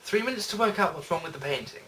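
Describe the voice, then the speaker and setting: A man's voice: on the high side, lively intonation, fast, far from the mic, background noise, natural voice. A man voicing a smug, aloof detective in a fan parody, dry and sarcastic. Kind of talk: fan parody audio drama.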